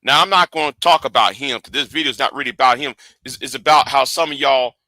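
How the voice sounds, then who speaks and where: A man's voice: mid-range voice, fast, bright, forceful tone, dry recording. A man hosting a livestream rant, lecturing his viewers and often repeating and restarting his phrases. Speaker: livestream host.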